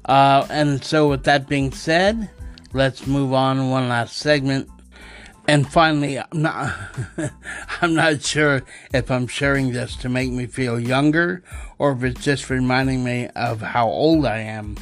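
Slow, easygoing male podcast host. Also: mid-range voice, steady tone, faint music behind. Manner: loose and unpolished, with joking asides and many fillers. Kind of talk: casual podcast news chat.

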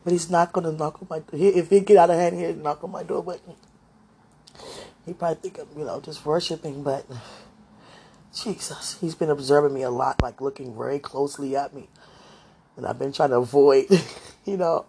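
Gravelly-voiced woman in a tender devotional monologue. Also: low voice, fairly even intonation, moderate pace, long pauses. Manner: tender, devotional, talking softly to God and viewers. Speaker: vlogger speaking to her viewers. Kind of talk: emotional spiritual monologue.

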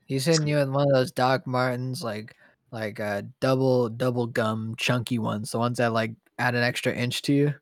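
A man's voice: mid-range voice, steady tone, moderate pace, dry recording, clean studio sound. A young man co-hosting a podcast, rambling in a slangy way full of fillers. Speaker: podcast co-host. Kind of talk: casual chat.

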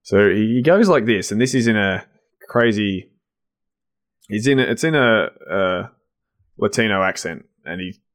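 A man's voice: on the low side, expressive, a little slow, long pauses, fairly bright tone. A man co-hosting a podcast in casual chat, enthusiastic and laughing often, with many fillers and restarts. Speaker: podcast co-host.

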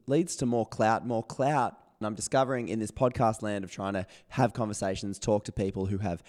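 A man hosting his podcast with a hoarse voice, chatty and self-mocking. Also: on the low side, a little mellow. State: hoarse, voice not working properly. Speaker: podcast host. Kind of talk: casual solo podcast intro.

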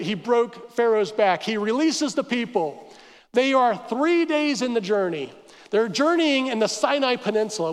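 A man preaching a sermon as pastor, telling the story with animated asides and acting out the crowd's complaints. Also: high-pitched. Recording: church hall reverb.

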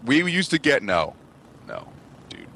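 A man's voice: mid-range voice, unhurried, gravelly, slightly rough. A man telling profane childhood stories in a casual podcast chat. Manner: profane, animated storyteller. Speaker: podcast co-host.

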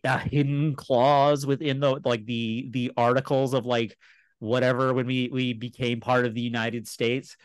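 A man in his thirties from Texas, co-hosting a podcast in casual chat, rambling and animated with many restarts. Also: medium pitch, no echo. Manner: rambling, animated, lots of filler words and restarts. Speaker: podcast co-host.

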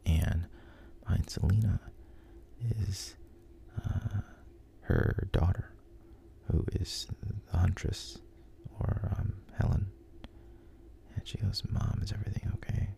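A man with a very deep, gravelly voice tells a story in a hushed whisper, his tone dark and mellow. He speaks softly and unhurriedly, with pauses, frequent ums and restarts, over a slight hiss or hum.

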